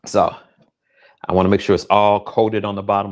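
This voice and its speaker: A man's voice: fairly low pitch, flat delivery, moderate pace, background noise. Joking man cooking live. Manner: joking, chatty, talks to viewers by name. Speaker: home cook streaming to viewers. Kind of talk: casual live cooking chat. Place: home kitchen, indoors. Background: sizzling pan.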